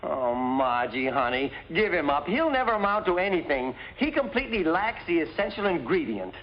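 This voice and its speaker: An actor playing a hot-tempered middle-aged father in a 1950s sitcom, gruff and explosive. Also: on the high side, big pitch swings, normal speed. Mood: blustering. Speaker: father, businessman. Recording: dull lo-fi 1950s TV audio.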